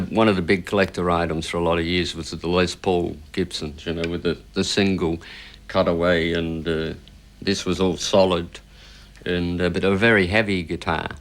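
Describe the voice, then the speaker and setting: A rock guitarist talking casually in an interview, rambling and filling gaps with "you know", now and then chuckling. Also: male voice, low-pitched, gravelly, a bit bright. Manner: chuckles while telling stories.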